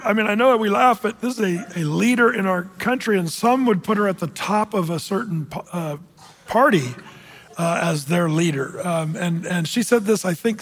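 Man preaching, informal sermon, high voice, halting, deliberate scripture reading, long reverb. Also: fairly bright tone. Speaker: pastor giving a prophecy update.

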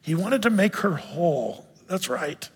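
Animated high-voiced male preacher. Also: unhurried, breathy edge, in a large hall. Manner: animated, acts out quotes with sudden loud bursts. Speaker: pastor. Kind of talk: sermon.

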